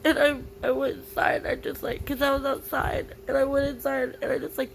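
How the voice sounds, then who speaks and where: A young woman vlogging through tears, halting and grief-stricken, with many "like" fillers. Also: high-pitched, level tone, vocal fry, a little hiss or hum, low-quality recording. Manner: halting, full of "like" fillers, grieving. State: tearful. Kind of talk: personal confessional vlog.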